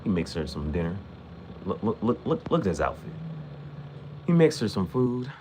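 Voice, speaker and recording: A man's voice: lowish voice, very animated, normal speed, noisy background. A man hosting an anime reaction channel, recapping an episode in a rambling casual way, repeating himself and quoting characters in slang.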